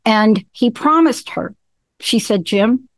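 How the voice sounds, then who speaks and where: A woman's voice: a little high, expressive, takes it slowly, no echo. A woman hosting a talk show in casual chat, enthusiastic, often repeating and restarting her phrases. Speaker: show host.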